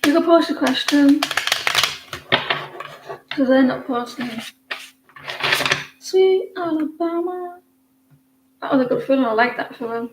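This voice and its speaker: A woman's voice: high-pitched, steady tone, moderate pace, pauses often, roomy sound, very noisy. A woman hosting a live tarot stream, chatting with viewers in a rambling way and often restarting her sentences.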